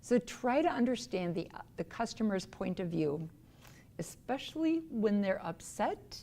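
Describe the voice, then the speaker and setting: A woman giving a recorded workplace training lecture on customer service, earnest and instructive, sometimes acting out quick quoted voices. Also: mid-range voice, expressive, warm tone.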